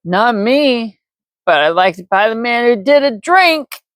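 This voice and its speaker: Woman doing a high, strained, raspy drunk man, slurring and hostile, storybook reading. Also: very animated, measured pace, dry recording, clean studio sound. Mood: angry drunk.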